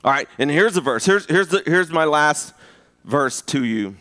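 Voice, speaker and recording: A man preaching a live sermon, conversational and full of restarts, rising to high emphatic peaks. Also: lively intonation, moderate pace, pushed and bright. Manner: conversational with repeated restarts and rhetorical asks. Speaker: pastor.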